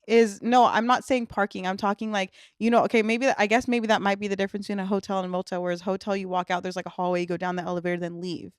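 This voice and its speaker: A woman's voice: medium pitch, racing, few pauses, smooth, no echo, studio quality. A young woman co-hosting a podcast, telling a story in casual chat and acting out the quotes, with lots of fillers. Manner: animated storyteller, acts out quotes, frequent fillers. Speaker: podcast co-host.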